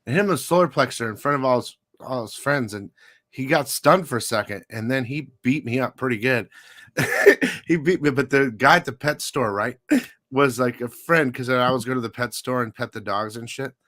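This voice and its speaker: A man of middle pitch, recorded close and dry with no room sound. He hosts a live comic book show. He tells his story loosely, swears freely, laughs often and keeps saying "dude". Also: normal speed, fairly bright tone, no room sound. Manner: profane, laughing, says "dude" a lot.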